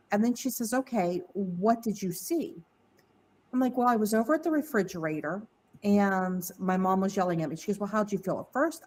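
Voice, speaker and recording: A woman's voice: mid-range voice, poor audio. Candid woman telling a personal story. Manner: candid, animated, mimics voices in quotes. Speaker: podcast guest. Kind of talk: casual storytelling.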